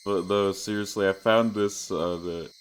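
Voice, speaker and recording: A young man chatting casually while streaming a game, rambling and often breaking into high-pitched laughter. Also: sharp tone, slight background noise. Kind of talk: casual livestream gaming chat.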